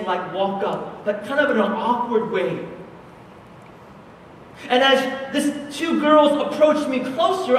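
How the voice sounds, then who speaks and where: A male pastor preaching a sermon at a conference, telling a story slowly and with passion, swinging between loud and hushed. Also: very high voice, slight background noise. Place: large conference hall. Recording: echoey hall from far off.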